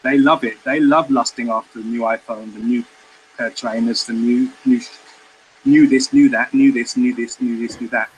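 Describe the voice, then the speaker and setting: A man with a Welsh accent, speaking as a guest on a remote call in a casual live-stream chat. He talks haltingly and repeats words while he searches for what to say. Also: medium pitch, a little hiss or hum, poor audio. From Britain. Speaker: caller guest. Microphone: remote call microphone.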